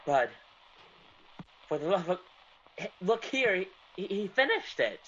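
An actor playing an excitable, stammering man in an old-time radio drama. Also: high-pitched, measured pace, husky, dull audio, full character voice. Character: curious man who finds a finished story.

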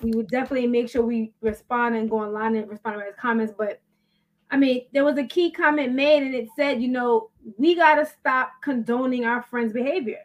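A woman's voice: on the high side, fairly quick. A woman hosting a podcast in upbeat casual chat, steering the talk and wrapping up. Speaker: podcast host.

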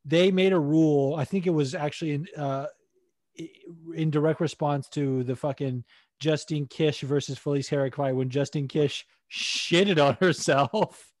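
A man's voice: fairly high pitch, fairly even intonation, moderate pace, no room sound, clean studio sound. A man co-hosting a casual podcast, rambling about fights with frequent swearing and laughter. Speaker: podcast co-host. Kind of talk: casual MMA podcast chat.

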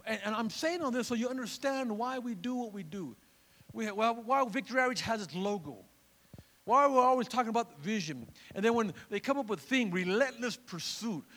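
A man's voice: extremely high pitch, a bit bright, long reverb tail. A male pastor preaching a fervent sermon, calling out to his congregation for responses. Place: church.

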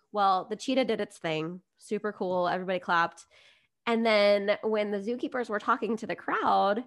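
A woman's voice: mid-range voice, fairly bright tone. Podcast guest: woman, chatty, upbeat storyteller, business coach. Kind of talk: casual podcast conversation.

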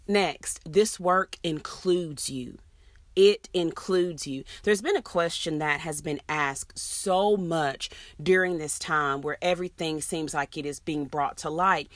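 Lady teacher, low-ish voice, earnest and emphatic, repeats her points, dry mic. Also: dry recording. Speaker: educator addressing teachers. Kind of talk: motivational talk.

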